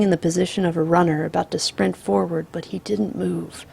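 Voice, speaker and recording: A woman narrating a literary short story in a measured, steady storytelling voice. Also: lowish voice, creaky, husky.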